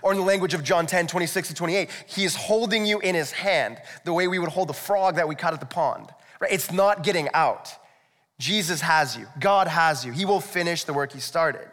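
A man's voice: a little high, brisk, fairly bright tone. A male pastor preaching a sermon in a conversational, explanatory way, with rhetorical asides to the congregation. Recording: echoey hall, long reverb.

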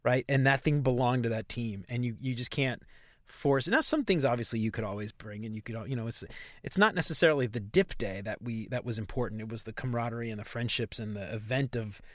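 A man's voice: medium pitch, fast talker, no room sound, clean studio sound. A man from New Orleans with a New Orleans accent, co-hosting a podcast in casual, rambling chat and laughing often. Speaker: podcast co-host.

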